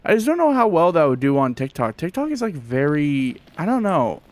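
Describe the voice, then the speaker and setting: A man's voice: a little high, big pitch swings, a little fast, no echo. Chatty young man streaming a game. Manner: chatty, rambling, lots of fillers, reads chat aloud. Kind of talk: casual gameplay livestream chat.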